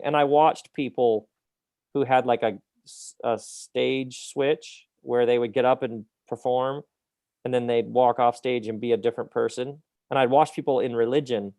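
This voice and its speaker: Gravelly middle-aged man in relaxed interview. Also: medium pitch, dry recording, clean studio sound. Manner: animated and reflective, often laughing at himself. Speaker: author being interviewed. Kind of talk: casual interview conversation.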